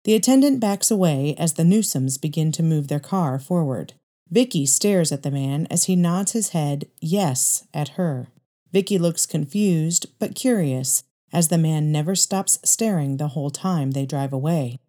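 A woman narrating a dramatic story aloud in a measured, steady way. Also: low-pitched.

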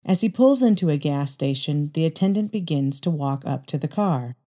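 A woman reads a dramatic story aloud, measured and steady. Her voice is low and dark, with a mellow warmth. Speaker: narrator.

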